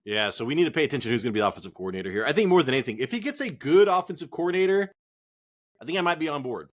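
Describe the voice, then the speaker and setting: A podcast co-host jokes, laughs and swears through a casual sports chat, drinking as they talk. His voice is a little high, very animated and delivered very fast.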